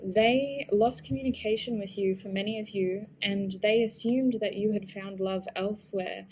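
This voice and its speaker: A woman giving an intuitive tarot reading, soft-spoken, earnest and emotional, often hesitant and restarting her sentences. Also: medium pitch, steady tone, normal speed, slight background noise. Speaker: tarot reader.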